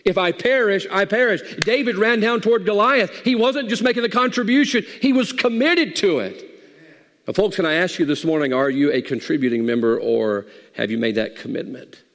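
Gravelly-voiced pastor preaching in a reverberant hall. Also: male voice, sits high, brisk. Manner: folksy, conversational preaching. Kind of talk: sermon.

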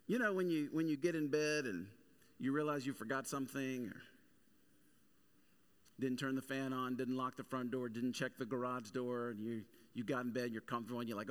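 A man's voice: mid-range voice, normal speed. A man in his thirties preaching a sermon as a pastor, mixing humorous everyday stories with emphatic preaching. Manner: conversational storytelling with humor, building to emphatic preaching.

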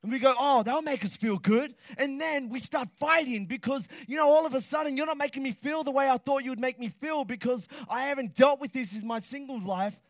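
A middle-aged man delivers a sermon in a high, lively voice. He jokes, then rises to shouted emphasis. The sound is close and dry, with no room around it. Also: a little fast, hardly any pauses, dry recording. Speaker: pastor.

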